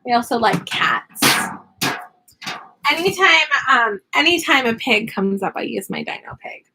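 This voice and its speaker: A young woman, an online English teacher, chatting casually from her home classroom in an animated way. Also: on the high side, unhurried, a little hiss or hum. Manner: animated, switches into playful sing-song teaching voices. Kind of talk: casual chat.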